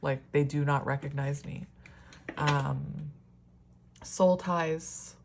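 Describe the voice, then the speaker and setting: A woman's voice: sits low, steady tone, slow pace, vocal fry, a little mellow, slight background noise. A woman in a casual solo tarot reading, chatty and rambling, often laughing and exclaiming at the cards. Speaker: tarot reader.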